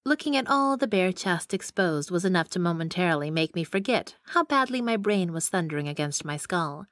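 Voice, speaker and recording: A woman's voice: fairly low pitch, animated, fairly quick, a bit bright, dry recording. A young adult woman narrating a first-person romance audiobook in an intimate, wry manner on a close mic.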